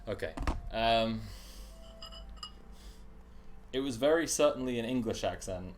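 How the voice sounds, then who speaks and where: A man's voice: mid-range voice, lively intonation, moderate pace. A man casually chatting while streaming a game, rambling with fillers and laughs.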